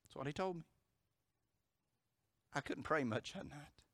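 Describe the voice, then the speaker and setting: Man, preacher, somewhat high voice, dry close recording. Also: lively intonation, measured pace, no room sound. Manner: impassioned preaching, swinging from loud emphatic declarations to hushed storytelling. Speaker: pastor. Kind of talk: sermon.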